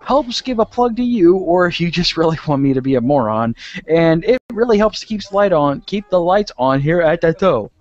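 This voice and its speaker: A man's voice: on the high side, big pitch swings, moderate pace, darkish tone, no echo, lo-fi sound. A man co-hosting a podcast, reading show notes in a joking, crude way and laughing often. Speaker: podcast co-host.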